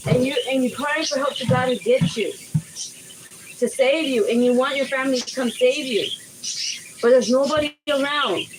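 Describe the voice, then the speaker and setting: A woman's voice: high voice, moderate pace. A woman in an intense, rambling vlog monologue, repeating herself over and over. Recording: noisy background with birds.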